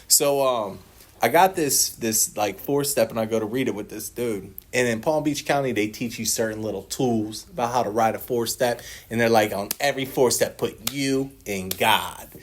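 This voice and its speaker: A man's voice: medium pitch, moderate pace. A man in his forties sharing his recovery story at a meeting, swearing a lot, laughing often and acting out what others said. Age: 40s. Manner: profane, animated storytelling with acted quotes; laughs often while telling. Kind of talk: personal share at a recovery meeting.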